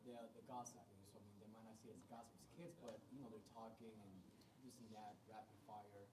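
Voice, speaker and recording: A man's voice: on the low side, level tone, a little fast. A man in the audience asking a question in a hesitant, rambling way with many fillers. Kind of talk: spoken question. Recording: echoey room, far from the mic, loud noise.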